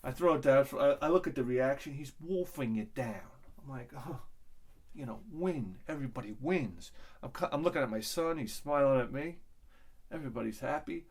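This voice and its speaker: A man's voice: mid-range voice, lively intonation, a little fast, a little mellow, husky. A middle-aged man hosting a vlog, telling a crude, rambling comic story with many restarts. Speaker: vlog host.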